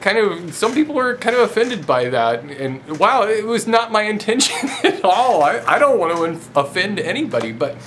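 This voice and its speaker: A man talks casually from his woodworking shop, with a lively voice that swings up and down in pitch. He's self-deprecating and breaks into laughs mid-sentence. A faint hum of shop ambience sits behind him. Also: normal speed. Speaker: woodworking show host. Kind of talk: casual chat to camera.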